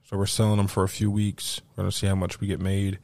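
A man hosting a home podcast, telling an animated, profane story in casual chat and acting out the voices of the people he quotes. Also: low-pitched, fast, no room sound. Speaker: podcast host.

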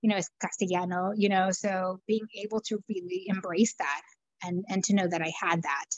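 A woman's voice: on the low side, steady tone, normal speed, no room sound, highs cut off. Middle-aged woman from Peru, thoughtful. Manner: thoughtful, speaks with many fillers and restarts. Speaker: guest. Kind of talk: reflective conversational storytelling.

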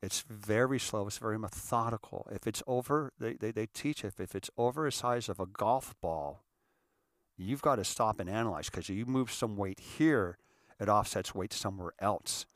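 Earnest, emotional man with a low voice. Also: normal speed, no echo, studio quality. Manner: earnest, emotional, repeats words and restarts often. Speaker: podcast host. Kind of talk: casual heartfelt monologue.

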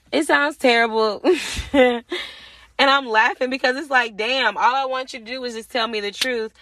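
A woman's voice: a little high, no echo. Profane young woman telling a story. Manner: animated, profane, acts out quoted voices. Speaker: podcast host. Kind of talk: casual storytelling.

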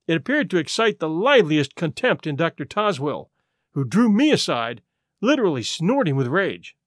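High, animated male audiobook reader. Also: normal speed, dry recording, studio quality. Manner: expressive, animated reading. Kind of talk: scripted first-person narration.

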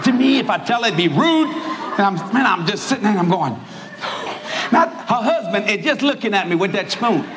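A man with a Cajun accent, preaching a comic sermon, animated and shouting his punchlines while laughing along. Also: sits high, brisk. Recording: live hall with audience laughter and noise.

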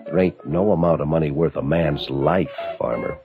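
A man's voice: rumbling low, moderate pace. An actor playing a cruel, mocking escaped male convict who holds a couple hostage, speaking in a drawling, taunting tough-guy manner. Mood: menacing. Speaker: villain holding a couple hostage. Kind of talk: vintage broadcast drama acting. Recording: lo-fi old recording with faint music.

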